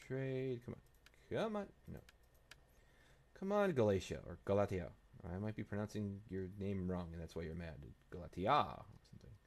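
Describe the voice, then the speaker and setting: A man's voice: fairly low pitch, animated, a little fast. A man hosting a strategy game playthrough, thinking aloud and muttering to himself and the game as he plays. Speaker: let's play host.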